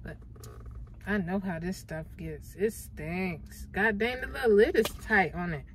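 A woman's voice: medium pitch, unhurried, a little hiss or hum, rough recording. A young adult woman talking casually and playfully to her viewers in a vlog, with lots of slang and swearing. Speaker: YouTuber.

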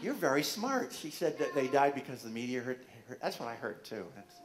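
At a library concert for an audience of children, a male guitarist and children's songwriter sings and quizzes the kids playfully. His medium-pitched voice is brisk with big pitch swings, amid loud acoustic guitar, room echo and a little hiss or hum.

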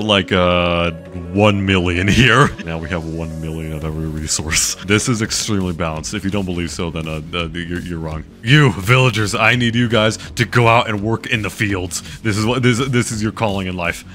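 A young man with a deep, low voice talks through a strategy game in loose, excitable commentary. He stumbles over his words, swears freely and jumps into high yelps when something works. Faint background music plays under him. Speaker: gaming YouTuber. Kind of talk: casual gameplay commentary.

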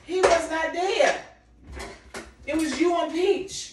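A middle-aged woman, venting emotionally in a vlog, impassioned and repetitive, her voice sinking soft and low in the hurt parts. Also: slow. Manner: impassioned, repeating herself, voice dropping low and soft when recalling hurt. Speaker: vlogger. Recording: faint background noise.

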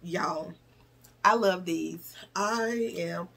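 Chatty husky woman vlogging. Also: mid-range voice, expressive, measured pace, a bit bright. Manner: chatty and playful, slangy asides to viewers. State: nasal, stuffy. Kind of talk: casual chat to viewers.

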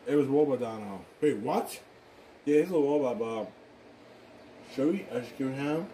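A man improvising a fan drama, talking in a rambling, halting way with excitable exclamations. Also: mid-range voice, slight background noise, rough recording. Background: music.

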